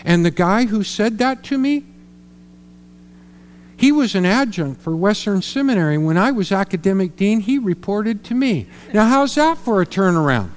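High-voiced pastor preaching in a hall. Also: male voice, animated, normal speed. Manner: storytelling, earnest, repeats words when emphatic. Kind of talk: sermon. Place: church sanctuary.

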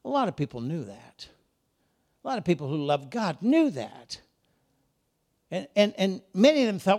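A man preaching a lively church sermon, swinging between shouted calls and quiet, joking asides, and acting out people's voices in his stories. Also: sits high, moderate pace. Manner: acts out characters in voices. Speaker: guest preacher. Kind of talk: Pentecostal-style sermon. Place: church service.

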